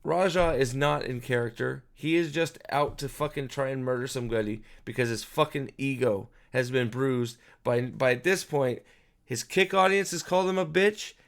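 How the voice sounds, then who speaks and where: Gravelly man ranting profanely. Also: mid-range voice, moderate pace. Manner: profane, exasperated ranting with frequent restarts. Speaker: commentary host. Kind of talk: casual video commentary.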